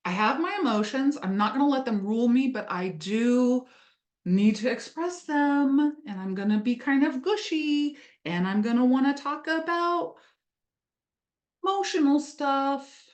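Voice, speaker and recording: An eager, gushy soul who wants to talk about emotions, put on by a woman in a quick, slightly raised voice. The sound carries a roomy echo. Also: high-pitched, lively intonation, darkish tone, pitched above the performer's own voice. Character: gushy emotional person, open about feelings.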